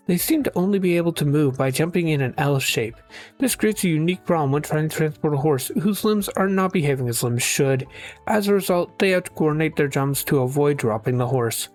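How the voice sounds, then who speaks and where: A narrator reading comedy blog posts in a dry, matter-of-fact deadpan manner over soft background music. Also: medium pitch, fairly quick.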